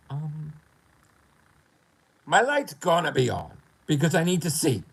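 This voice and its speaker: A man's voice: a little high, big pitch swings, slow, vocal fry, pauses often, a little hiss or hum, poor audio. A middle-aged man with a New York accent, ranting profanely and animatedly as a gaming streamer on a casual livestream.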